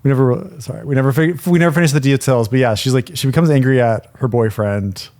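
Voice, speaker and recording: A man's voice: mid-range voice, fast talker, darkish tone. A man co-hosting a podcast, chatting casually about a film and often hedging his points, recorded on a microphone in a small room. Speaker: podcast co-host. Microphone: studio microphone.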